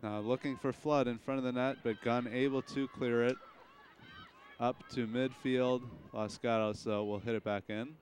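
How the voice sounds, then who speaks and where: A young man calls a school soccer match play by play, steady and even. He is recorded outdoors at the field with a faint hum of noise behind him. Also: medium pitch, normal speed. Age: young adult. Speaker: play-by-play announcer. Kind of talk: live sports commentary.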